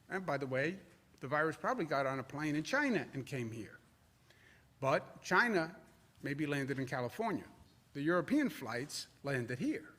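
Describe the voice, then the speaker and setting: A man's voice: high-pitched, a bit bright. A man giving a press conference, emphatic and repetitive, mocking others' words sarcastically. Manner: emphatic, repeats phrases, mocks quotes sarcastically. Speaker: politician at a press briefing.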